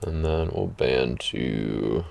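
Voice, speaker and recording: Deep gravelly man talking through a card game. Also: animated, darkish tone. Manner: halting, thinks aloud with many fillers. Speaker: card game player and channel host. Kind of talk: casual gameplay chat. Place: playing an online card match.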